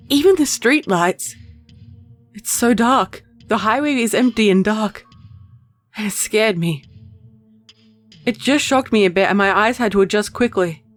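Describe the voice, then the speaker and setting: Narrator doing a scared young wife, anxious, shaky delivery, faint music underneath. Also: female voice, a little high. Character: frightened young woman driving at night.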